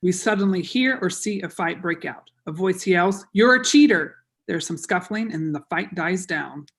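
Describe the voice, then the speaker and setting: A woman's voice: lowish voice, moderate pace. A woman reading stage directions aloud in a plain, matter-of-fact way.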